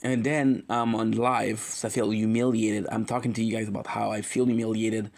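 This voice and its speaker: A man's voice: on the low side, little pitch movement, moderate pace, vocal fry, darkish tone. A man talking on his livestream, rambling and emotional as he tells a story and keeps correcting himself. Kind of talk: confessional livestream chat.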